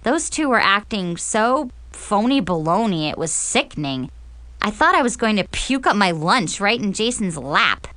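Woman narrator for a teen diary audiobook; expressive, sarcastic, dry booth sound. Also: medium pitch, moderate pace, no room sound.

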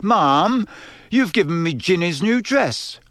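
Bloke playing a whiny stubborn teen boy, a bit higher, storybook voice. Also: animated, takes it slowly, fairly bright tone, dry recording, clean studio sound. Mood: indignant. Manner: stubborn, complaining. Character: sulky teenage boy.

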